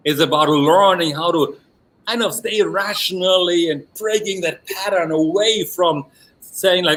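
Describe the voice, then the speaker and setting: Animated German-accented man, high voice. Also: unhurried, rough recording. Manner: animated, repeats filler phrase "along that line". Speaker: NLP trainer and coach. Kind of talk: workshop presentation.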